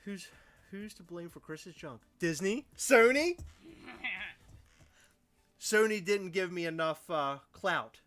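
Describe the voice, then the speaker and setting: A man in casual livestream chat, hamming it up with goofy, over-the-top jokes. His voice swings widely up and down and has a bright, forceful edge. Faint music sits underneath. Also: high-pitched, lively intonation, takes it slowly, long pauses. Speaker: podcast co-host.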